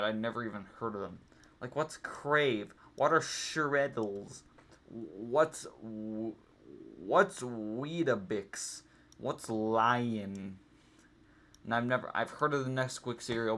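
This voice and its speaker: A young man chats casually while ranking things. His voice sits low and he talks at an unhurried, slow pace. He rambles, restarting phrases and filling gaps with ums. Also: a bit bright. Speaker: vlogger. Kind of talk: casual tier-list ranking chat.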